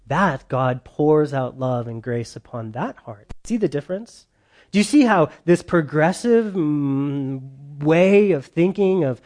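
A man's voice: fairly high pitch, animated, measured pace, darkish tone. Emphatic conversational preacher, a man. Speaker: pastor. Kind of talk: sermon. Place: church.

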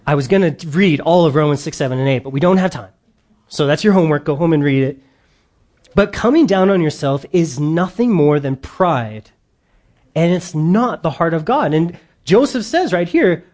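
A man's voice: on the high side, expressive, moderate pace, darkish tone. A man preaching a sermon to his congregation, earnest and emphatic, with the odd joking aside. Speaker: pastor.

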